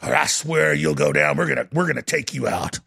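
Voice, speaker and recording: A man impersonating a menacing male politician, dropping into a low, threatening growl. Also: lively intonation, brisk, vocal fry, sharp tone, slightly rough, exaggerated voice.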